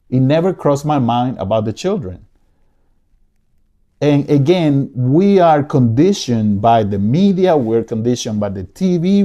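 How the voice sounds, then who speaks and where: A man talks alone to his audience with a warm, mellow voice at an ordinary pitch. He is impassioned and pleading, and he circles back to the same phrases again and again. He speaks from his living room. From United States. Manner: emotional, pleading, repeats himself. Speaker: podcast host. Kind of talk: impassioned solo commentary.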